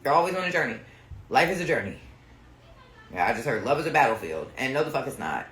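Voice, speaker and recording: A woman reading tarot on a live stream talks in a bright, forceful voice that swings up and down with lively energy. She is blunt, swears often and addresses her audience casually. The sound is roomy, with a noticeable echo off the walls. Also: very deep voice, fast. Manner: blunt, profane and animated. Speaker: tarot reader.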